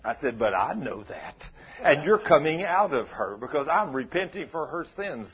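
A man, a pastor telling a folksy, animated story in a sermon, on a dull lo-fi recording. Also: fairly high pitch, normal speed, husky.

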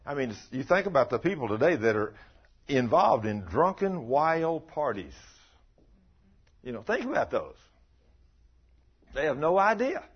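A man's voice: mid-range voice, husky. An older man preaching a folksy sermon, telling stories and asking his listeners questions. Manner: storytelling, asks the listeners questions. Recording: muffled lo-fi recording.

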